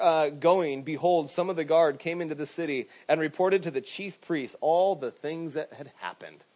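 Man preaching with lots of "right?". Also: a little high. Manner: conversational preaching, many restarts and "right?" asides. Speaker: pastor. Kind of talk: sermon. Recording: dull lo-fi sound.

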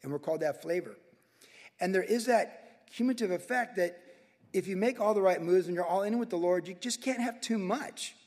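High-pitched male pastor, emphatic sermon, repeats for punch, long hall reverb. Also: brisk. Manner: emphatic, animated, repeats for stress.

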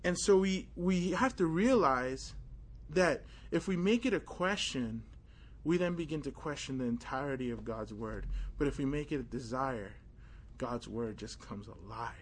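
A young man preaching an informal sermon, telling a personal story in a casual, animated way with many fillers. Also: medium pitch, normal speed, husky.

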